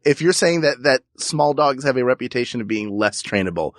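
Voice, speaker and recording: A man's voice: medium pitch, animated, brisk, no room sound, clean studio sound. A man co-hosting a comedy podcast, chatting casually with rambling, jokey asides. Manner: rambling, jokey, puts on silly voices. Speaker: podcast co-host.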